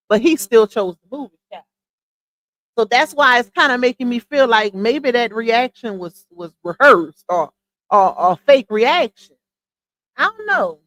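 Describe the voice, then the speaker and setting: A woman's voice: fairly high pitch, expressive, normal speed. A woman hosting a live stream, chatting casually and incredulously to her viewers, with laughing asides. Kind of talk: casual commentary on a clip.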